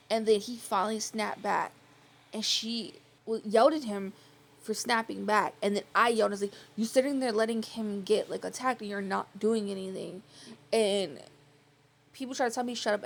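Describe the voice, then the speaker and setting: A young woman vlogger telling personal stories in a quiet, rambling, casual way, filling her talk with "like". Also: medium pitch, slight background noise. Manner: rambling, filler-heavy with frequent "like"; quiet, soft-spoken. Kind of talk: casual storytelling chat.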